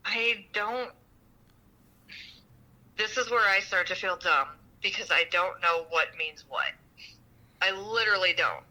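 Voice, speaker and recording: A woman's voice: mid-range voice, unhurried, long pauses, bright, forceful tone, rough recording. A woman in her forties talking on a podcast, raw and self-critical, swearing heavily. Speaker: advice seeker, guest. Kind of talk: emotional podcast conversation.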